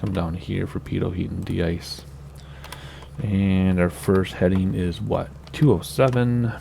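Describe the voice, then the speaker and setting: Male let's-play host, low and gravelly, easygoing running commentary. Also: slight background noise. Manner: relaxed, chatty, thinking aloud with small laughs. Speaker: gaming channel host. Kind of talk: casual flight sim let's-play commentary.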